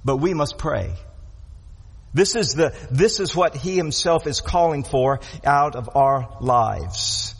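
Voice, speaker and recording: A man's voice: mid-range voice, animated, slow, gravelly, slightly rough. A man preaching a sermon, earnest and repetitive, asking rhetorical questions and pressing each point home. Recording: long hall reverb.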